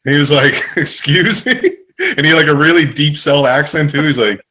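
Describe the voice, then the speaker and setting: A young man, a guest telling stories in a relaxed, rambling way and laughing along. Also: on the high side, fast. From Canada. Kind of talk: casual storytelling.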